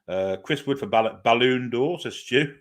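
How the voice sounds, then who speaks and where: A man's voice: mid-range voice, unhurried. A man hosting a live football watchalong, chatting casually, hesitating with lots of fillers and reading viewer comments aloud before answering them. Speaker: host of a football fan watchalong stream. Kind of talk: casual live-stream chat and pre-match commentary.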